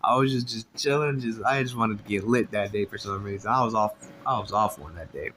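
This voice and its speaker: A man's voice: fairly low pitch, brisk, a bit bright, slight background noise. A man telling a casual storytime, laid-back and swearing constantly, laughing between lines. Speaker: storyteller vlogger.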